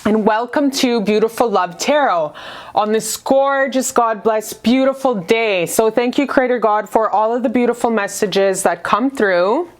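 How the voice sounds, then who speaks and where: High-voiced woman doing a tarot reading, gushy and swears a lot, lots of slang. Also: a little slow. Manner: profane, gushing, affectionate street slang. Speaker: tarot reader. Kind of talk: casual tarot reading to camera.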